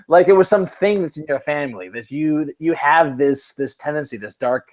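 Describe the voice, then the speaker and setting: A man's voice: on the high side, quick pace, few pauses. Rambling, self-mocking podcast man. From Cleveland. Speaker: podcast host. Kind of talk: casual podcast chat.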